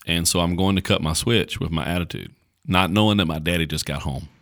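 A man's voice: deep voice, a little fast. A man, a pastor, chatting on a podcast, telling stories with many fillers and restarts. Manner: storytelling, folksy and animated, with many fillers and restarts. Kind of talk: casual podcast conversation.

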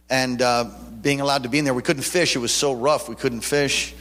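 A man's voice: medium pitch, little pitch movement, a little fast, few pauses, fairly bright tone, faint music behind. A man preaching a sermon with personal testimony. His conversational storytelling swells into fervent preaching. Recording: long reverb of a large hall.

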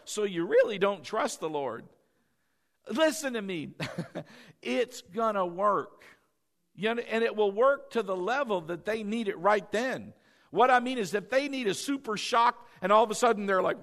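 A male pastor preaching a sermon, swinging between fervent shouts and quiet, confiding asides. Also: high voice, normal speed.

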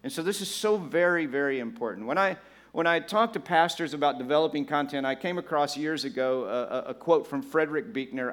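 A male preacher delivering a sermon in a mid-pitched voice. He talks easily with his congregation and jumps into animated impressions of churchgoers. His delivery swings between playful banter and quieter, earnest stretches. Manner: conversational with the congregation, laughs along. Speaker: pastor.

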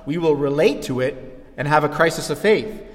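A man preaching a sermon, animated, dropping low and then rising to shouts. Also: moderate pace, long reverb tail. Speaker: pastor.

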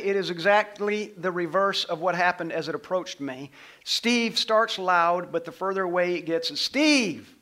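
A middle-aged man, a pastor, preaching a sermon and telling a story, swinging from loud passages to hushed ones. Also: high voice.

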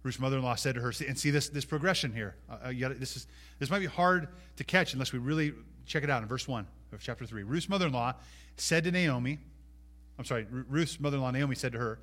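A man preaching a sermon as pastor, animated, rising to loud emphatic peaks and dropping to quiet asides, acting out biblical speakers in first person. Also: mid-range voice, fast.

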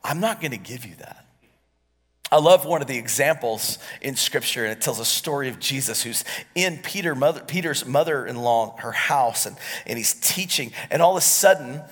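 A pastor in his forties preaching a sermon, swinging between loud, animated passages and hushed, quiet lines. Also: medium pitch, moderate pace, slightly rough. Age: 40s. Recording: long hall reverb.

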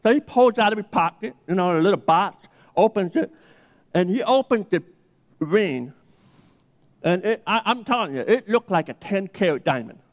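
A man with a high, lively voice preaches a sermon, acting out the voices in his story. Long reverb from a church hall surrounds him. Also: moderate pace. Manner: animated storyteller, acting out dialogue. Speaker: pastor.

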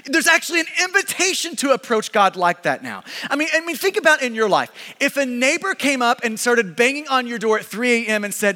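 A man in his thirties preaching a sermon as pastor, animated, swinging from loud emphasis to hushed intensity, in a church sanctuary. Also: extremely high pitch, brisk, few pauses. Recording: long reverb of a large hall.

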